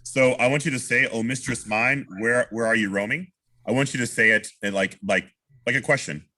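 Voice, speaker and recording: A man's voice: a little fast, faint music behind. A man teaching an online singing masterclass, coaching a student with lots of restarts and sung examples. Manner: animated, demonstrates lines by singing them high; many restarts and repeated words. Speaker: opera singer teaching a masterclass. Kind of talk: vocal coaching.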